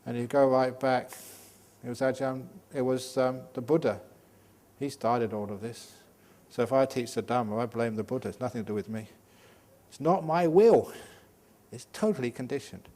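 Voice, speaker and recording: Older monk giving a joking Dhamma talk. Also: male voice, mid-range voice, a little fast. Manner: humorous, lively, joking teaching style. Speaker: Buddhist monk and meditation teacher. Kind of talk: Dhamma talk at a day retreat.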